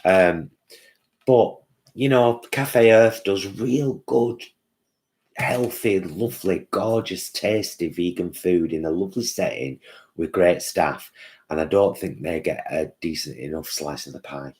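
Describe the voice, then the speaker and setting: A man's voice: sits low, slow pace, darkish tone. A man hosting a casual live-stream chat, chatty and answering viewers' comments by name.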